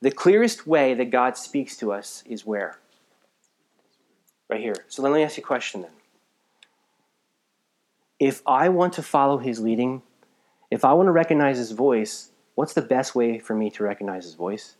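A man from the United States preaching a live sermon in a conversational way, swinging between emphatic bursts and quiet asides, a little tired. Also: medium pitch, lively intonation, moderate pace, long pauses. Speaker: pastor.

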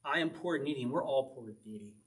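A man's voice: medium pitch, animated, fast talker, fairly bright tone. A man leading an evening Bible study as pastor, reading psalms aloud and explaining them in a loose, conversational way, often laughing. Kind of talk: informal Bible study teaching.

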